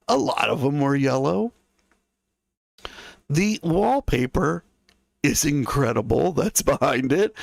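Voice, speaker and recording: A man's voice: on the high side, vocal fry, dry recording. A man hosting a casual history livestream. He chats to his viewers and muses aloud in asides. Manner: chatty, musing asides to viewers. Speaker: history show host.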